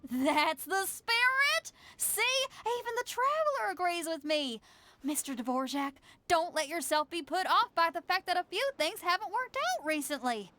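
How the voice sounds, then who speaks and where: A woman's voice: very high voice, animated, moderate pace, sharp tone, slight background noise, exaggerated voice. An actress voicing a brash young woman rock musician with a strong Southern US accent in a video game. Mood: eager. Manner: bold, breezy, confident.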